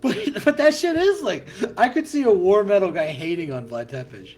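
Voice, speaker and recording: A man co-hosting a podcast in casual chat, excitable and profane, laughing often and tripping over his words. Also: high-pitched, normal speed. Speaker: podcast co-host.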